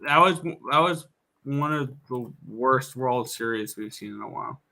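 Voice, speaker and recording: A man co-hosting a sports betting chat, giving measured opinions on games and teams. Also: mid-range voice, gravelly, bright, forceful tone. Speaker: co-host handicapper.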